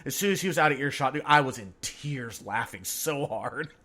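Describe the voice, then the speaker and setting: A middle-aged man hosting a podcast in casual chat, a lively storyteller who laughs often and swears freely. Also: medium pitch, moderate pace. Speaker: podcast host.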